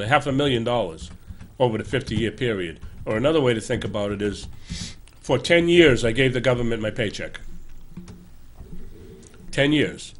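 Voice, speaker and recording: A man's voice: lowish voice, lively intonation, moderate pace. A man in his sixties hosting a show, giving an emphatic, earnest political commentary monologue in a loose, conversational way, often correcting himself as he goes. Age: 60s. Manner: earnest, emphatic, urging listeners. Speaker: show host.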